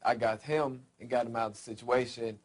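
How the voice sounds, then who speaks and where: A man calmly explaining his side of a story in a documentary interview. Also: mid-range voice, fairly quick.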